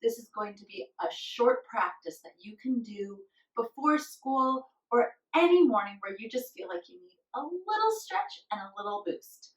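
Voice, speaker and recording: A woman leading a children's yoga class, giving gentle, encouraging instructions and now and then making playful animal noises. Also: fairly high pitch, lively intonation, moderate pace, echoey room, recorded from a distance, rough recording. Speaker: kids' yoga teacher.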